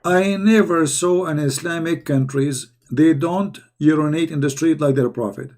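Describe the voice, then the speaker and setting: A hoarse man giving heated commentary in halting non-native English, firing rhetorical questions as he reads texts aloud. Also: a little high, darkish tone. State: hoarse, losing his voice. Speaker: online commentator. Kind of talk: polemical commentary while reading texts aloud.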